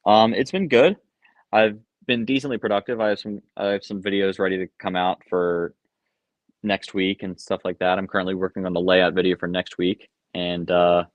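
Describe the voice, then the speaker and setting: This is a young man on a live stream in a basement room at home, answering chat questions casually and peppering his replies with ums and uhs. His voice sits on the low side, there's no room sound, and the audio is dull and lo-fi.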